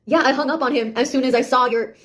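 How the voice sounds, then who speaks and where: An actress plays a sarcastic young beta tester in a one-sided audio drama, mocking, taunting and scolding a nosy AI with exasperation. Her voice sits high and a bit bright, and she speaks at a quick pace.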